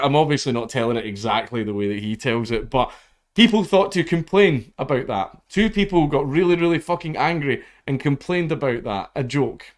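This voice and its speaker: A man's voice: medium pitch, a little fast. A man giving blunt, profane, casual commentary and retelling a story. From Scotland. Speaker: commentary host.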